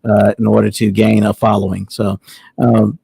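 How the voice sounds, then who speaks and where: Gravelly, husky-voiced male show host. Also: lowish voice, level tone, dark tone, no echo, poor audio. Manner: measured, reads viewer chats aloud. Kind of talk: casual live-stream chat.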